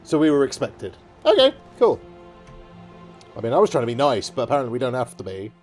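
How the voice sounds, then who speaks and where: A man's voice: mid-range voice, expressive, very fast, a little mellow, faint music behind. A man giving casual, jokey let's-play commentary with playful asides.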